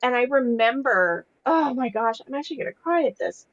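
A woman's voice: sits high, animated, fairly quick, few pauses, no echo, muffled recording. A young adult woman, a podcast guest, candidly recounting her own experience in a casual, emotional way with lots of fillers. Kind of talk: casual personal storytelling.

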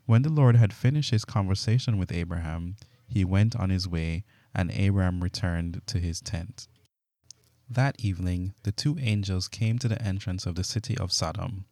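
Low, mellow male scripture reader. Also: moderate pace, no echo. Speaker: Bible reader. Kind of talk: steady scripture reading.

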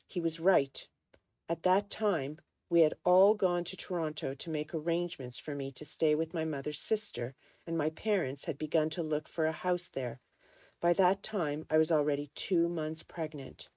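A woman reading a novel aloud in a measured, even storytelling manner. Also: sits low, no room sound, studio quality. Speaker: reader of a novel. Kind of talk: audiobook narration.

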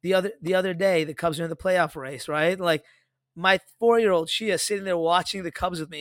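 A man in his thirties co-hosting a podcast, telling stories in a rambling, animated way with lots of fillers. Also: high voice, normal speed, no echo, studio quality. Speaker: podcast co-host. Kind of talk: casual podcast chat.

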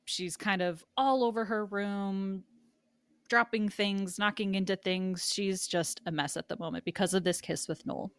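A woman's voice: medium pitch, fairly even intonation, measured pace, smooth, no room sound. A woman co-hosting a podcast, recapping an episode in a chatty storytelling way full of "like". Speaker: podcast host.

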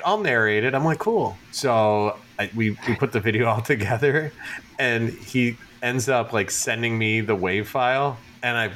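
Podcast co-host, male, animated casual storyteller with light background noise. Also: on the low side. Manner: animated storyteller, swearing, laughing often. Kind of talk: casual chat.

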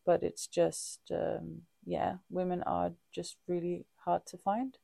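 A woman with a low, very gravelly voice speaks openly and reflectively in a casual podcast chat, dark and mellow in tone. She often stops and restarts her sentences, and the sound is dry and close. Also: flat delivery, dry recording. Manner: halting, frequent restarts and fillers; open and reflective. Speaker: podcast co-host.

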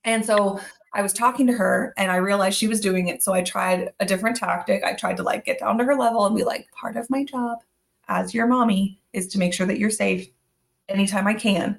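A woman in her thirties co-hosting a casual parenting podcast, her voice carrying a gravelly edge. She tells family stories in an easy, chatty way and slips in little quoted asides. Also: medium pitch. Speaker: podcast co-host. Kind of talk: casual chat.

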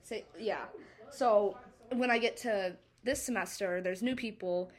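A young woman hosts a podcast, chatting loosely and swearing freely. Her talk runs on filler words and easy storytelling, in a voice of middle pitch. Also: unhurried. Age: young adult. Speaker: podcast host. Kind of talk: casual podcast chat.

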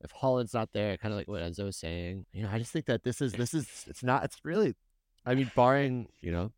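A man's voice: on the low side, expressive, brisk, dry recording. A man hosting a casual soccer podcast, steering the chat and putting questions to his co-hosts. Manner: leads the talk, asks the others questions. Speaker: podcast host.

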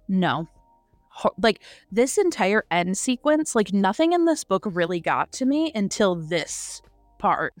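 Brief: woman co-host, lively dramatic retelling, mid-pitched voice, dry close sound. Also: measured pace, no room sound, soft background music. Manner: animated retelling with acted-out quotes and swearing. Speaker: podcast co-host. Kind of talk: casual book review chat.

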